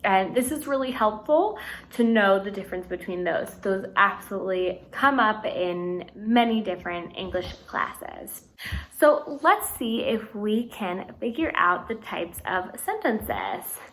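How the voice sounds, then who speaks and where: A woman teaching a recorded grammar lesson, explaining patiently and reading example sentences out slowly. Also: mid-range voice, expressive, a bit bright, low-quality recording. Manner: clear, patient explaining with slow read-out examples.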